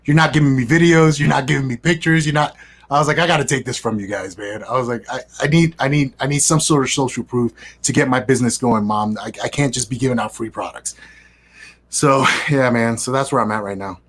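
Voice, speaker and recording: A man's voice: mid-range voice, brisk. A young man telling a casual, profane story in an interview and acting out the dialogue. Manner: animated, profane, acts out quoted dialogue. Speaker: guest, business affiliate.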